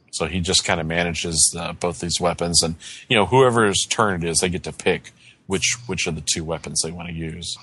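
A man narrating a tabletop role-playing game as game master, halting and full of fillers. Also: low-pitched, pushed and bright.

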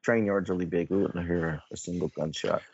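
Low-ish slow tabletop player guy, dull lo-fi mic. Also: steady tone, darkish tone, slightly rough.

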